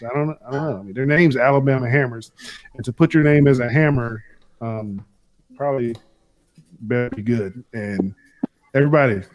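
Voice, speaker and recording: A man's voice: medium pitch, a little mellow. Joking, slangy male host. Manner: joking, slangy, says "bro" often. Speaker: show host. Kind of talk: casual banter.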